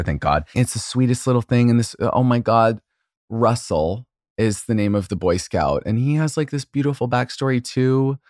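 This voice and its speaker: A man's voice: on the low side, darkish tone, no room sound, studio quality. A man co-hosting a podcast, retelling a story with emotional, gushing enthusiasm and plenty of filler words. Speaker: podcast co-host. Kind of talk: casual chat.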